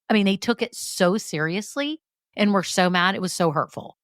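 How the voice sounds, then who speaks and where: A woman's voice: mid-range voice, moderate pace, no echo. Chatty woman podcaster, dry sound. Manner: chatty, candid, lots of fillers and tag questions. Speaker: podcast host. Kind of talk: solo business podcast talk.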